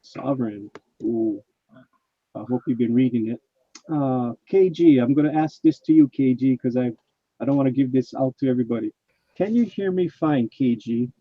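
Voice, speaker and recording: A man's voice: mid-range voice, normal speed. A man hosts a casual live stream and reads out viewers' chat messages in a chatty way. His mic sounds muffled and dull, with no room echo around the voice.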